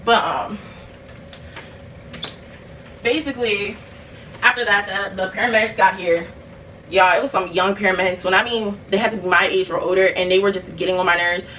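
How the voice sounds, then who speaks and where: A woman's voice: medium pitch, normal speed, long pauses, recorded from a distance, a little hiss or hum, poor audio. Chatty young woman telling a storytime. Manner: animated, chatty, addresses viewers as y'all. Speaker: vlogger. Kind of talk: casual storytime while cleaning. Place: bedroom at home.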